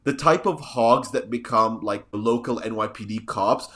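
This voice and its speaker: A man's voice: mid-range voice, moderate pace, fairly bright tone. A man hosting a podcast in casual chat, sardonic and rambling. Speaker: podcast host.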